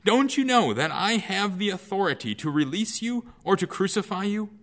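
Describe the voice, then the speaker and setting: A man's voice: high voice, animated, moderate pace, a bit bright, pitched above the performer's own voice. A man reading the lines of an anxious, insistent Roman governor, pressing his questions with a raised voice. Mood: pleading.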